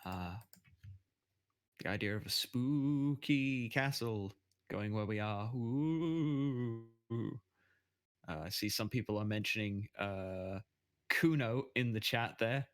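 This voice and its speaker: A man's voice: lowish voice, slow, long pauses, smooth, no echo. Rambling man chatting with stream viewers. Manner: rambling with many fillers. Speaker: player and streamer. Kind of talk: casual chat with stream viewers.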